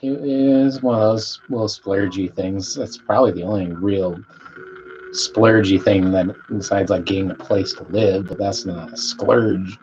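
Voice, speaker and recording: A man's voice: on the low side, a little mellow. A man chatting casually with his viewers on a live stream from home. He speaks laid-back, swears here and there, and coughs between sentences. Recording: dull lo-fi stream audio, faint room hiss.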